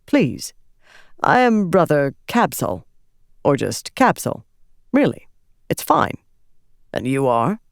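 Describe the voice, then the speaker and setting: A woman voicing a friendly, cultured young male priest with a faint Herdazian accent, gently joking. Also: sits low, big pitch swings, slow, vocal fry, long pauses, no echo, studio quality, full character voice. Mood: teasing.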